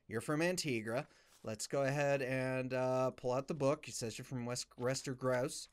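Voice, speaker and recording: A man's voice: mid-range voice, moderate pace. A young man giving let's play commentary, muttering as he reads documents aloud. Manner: muttering while reading game documents aloud. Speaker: gamer.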